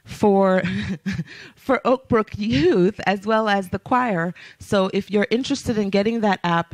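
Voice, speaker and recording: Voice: medium pitch, no echo. A church announcer reading out announcements in an upbeat, chatty way, laughing often. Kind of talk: casual announcements. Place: church sanctuary.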